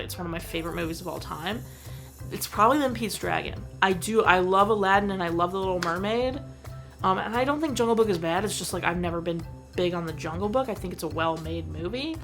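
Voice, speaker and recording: Gravelly-voiced woman gushing about a film. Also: lowish voice, a bit bright. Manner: gushing and emotional, many "like" fillers. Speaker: movie reviewer. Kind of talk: casual video review.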